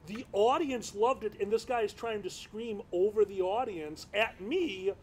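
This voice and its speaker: Loud high-voiced comedian man. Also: a little slow. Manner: loud, excitable storyteller, swears a lot. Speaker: podcast co-host, comedian. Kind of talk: rowdy casual chat.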